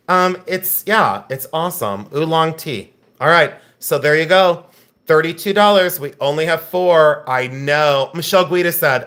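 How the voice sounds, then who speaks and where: This live auction host from the United States teases his viewers and wanders off on tangents between lots. He sounds animated and a bit bright, with fairly high pitch and a slightly slow pace.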